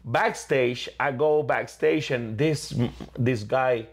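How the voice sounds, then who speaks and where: Gravelly, husky man telling animated stories. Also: mid-range voice, slow. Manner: energetic, repeats and restarts, acts out quotes. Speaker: evangelist clown, guest. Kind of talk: animated storytelling interview.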